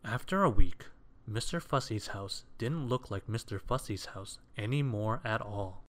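Male storyteller, slow unhurried reading, lowish voice.

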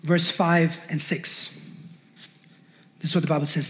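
A man's voice: a little high, level tone, a little slow, long pauses, a bit bright. A male pastor preaching a fervent sermon with call-and-response, in a large church hall. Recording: long hall reverb.

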